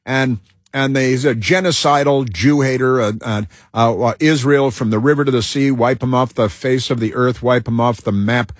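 A man talks his way through a loose host monologue, stopping and restarting, leaning on uh and um as he goes. His voice sounds husky and a little rough, and the recording is dry and close with no room sound. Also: mid-range voice, steady tone, dry recording. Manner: halting, with many fillers and restarts. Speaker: talk show host. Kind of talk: rambling talk show monologue.

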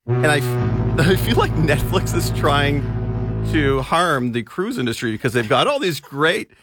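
A man's voice: a little high, a little slow, music in the background. A man co-hosting a radio show in casual chat, talking with frequent restarts and easy laughs. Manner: animated, hesitant restarts, laughs easily. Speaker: radio co-host and film reviewer.

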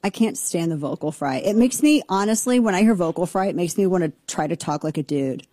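A woman hosting a political talk show, riffing in a brash, sarcastic, fast way. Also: lowish voice, animated, mellow, dry recording.

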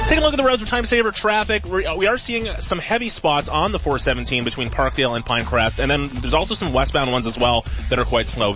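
Fast bright-voiced male radio traffic reporter. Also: mid-range voice. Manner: brisk, rapid reading of road updates. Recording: dull lo-fi radio audio with faint music.

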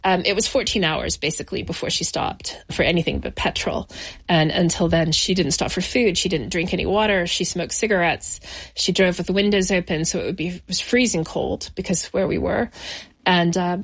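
A middle-aged woman as an interview guest, recounting her childhood in a reflective, measured way with slow pauses. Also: fairly low pitch, vocal fry, breathy edge. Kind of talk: personal memoir interview.

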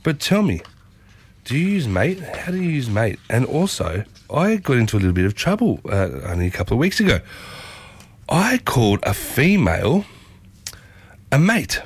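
A man's voice: mid-range voice, big pitch swings, normal speed, breathy edge. A man with an Australian accent, hosting a casual community radio show in a rambling, folksy way.

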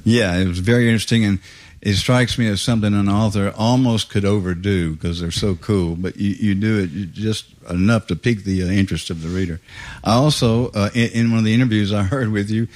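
Male interviewer at a live book event; low voice, joking, rambling questions. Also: steady tone, a little fast, a little mellow. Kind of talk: conversational interview.

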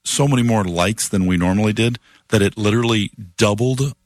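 A man's voice: lowish voice, fairly quick, dry recording. A man co-hosting a car advice radio show, explaining car problems in a plain, folksy way. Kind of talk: casual call-in radio chat.

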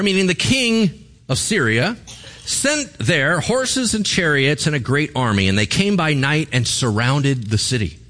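A man preaching a sermon in a church, telling stories animatedly and putting questions to the congregation. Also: a little high. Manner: animated, asks the audience questions. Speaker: pastor.

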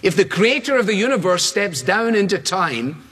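A man preaching in a large church hall, his fairly high voice trailing off in a long reverb. He talks emphatically, repeats his phrases and leans on dramatic pauses as he works through a Bible passage. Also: very animated, a bit bright, slightly rough. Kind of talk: expository sermon.

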